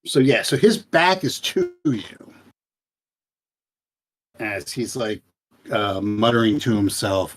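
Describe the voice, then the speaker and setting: A man narrating a tabletop game as game master, unhurried and pausing often with fillers. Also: fairly low pitch, very animated.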